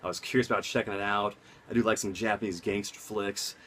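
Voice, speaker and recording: A young man, casually reviewing movies at home, rambling and excitable with lots of side notes. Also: fairly low pitch, quick pace, slight background noise. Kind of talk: casual enthusiastic vlog. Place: home room.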